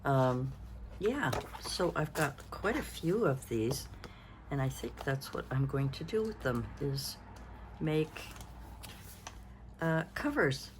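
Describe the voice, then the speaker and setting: Her voice is extremely low and sing-song, and she takes it slowly with frequent pauses over background noise. A Canadian craft vlogger in her sixties, she chats in a casual show-and-tell, rambling, thinking aloud, tired and yawning.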